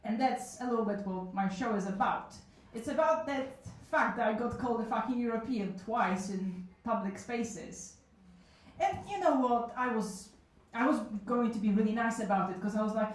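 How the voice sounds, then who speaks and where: Performing solo in a roomy cafe event space, a woman in her 30s tells funny stories at a normal pace in a slightly high voice. She's candid and self-deprecating, chatting with plenty of asides, and the far-off mic leaves the sound echoey.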